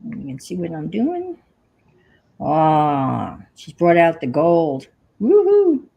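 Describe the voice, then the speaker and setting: A woman's voice: sits low, big pitch swings, slow, creaky, husky, muffled recording. A woman hosting a craft livestream, chatting casually and muttering to herself as she works. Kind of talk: casual chat while crafting.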